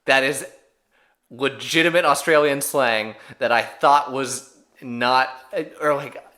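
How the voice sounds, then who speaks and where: A man's voice: mid-range voice, steady tone, slow pace, bright, forceful tone. A man co-hosting a podcast in casual chat, wry and self-deprecating as he recaps events. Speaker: podcast co-host.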